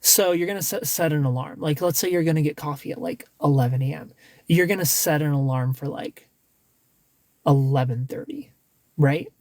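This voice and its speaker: A man's voice: fairly high pitch, normal speed, a little mellow, no room sound. Blunt, rambling man on a livestream. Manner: rambling, blunt, frequent restarts, swears. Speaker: livestream host giving dating advice. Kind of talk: casual livestream chat.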